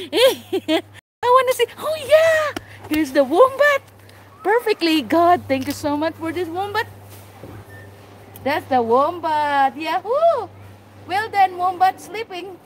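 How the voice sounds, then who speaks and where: High-pitched woman gushing over animals on a phone livestream, slow talker, noisy outdoor phone audio. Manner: gushing, effusive, exclamatory. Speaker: wildlife vlogger. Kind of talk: excited live-stream chat. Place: outdoors at a wildlife sanctuary.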